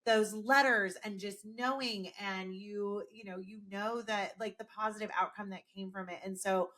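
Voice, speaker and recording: A woman's voice: medium pitch, fairly even intonation, normal speed. A woman hosting a podcast interview, affirming her guests and leading into questions. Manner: warm, affirming, with frequent encouraging interjections. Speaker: podcast host. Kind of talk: interview conversation.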